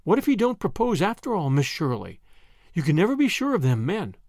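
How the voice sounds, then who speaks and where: A man's voice: high voice, huge pitch swings, a little fast, a little mellow, dry recording, studio quality, heavily acted. Man voicing a chattering young housemaid. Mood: eager gossip. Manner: breathless, chattering, rustic grammar. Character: young gossipy female housemaid, eager.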